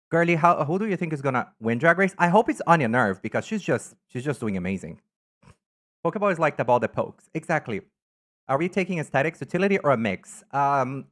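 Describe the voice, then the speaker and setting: Campy animated male live streamer. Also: medium pitch. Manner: campy, animated, greets viewers by name. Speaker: live streamer reading chat. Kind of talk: casual live-stream chat ranking items.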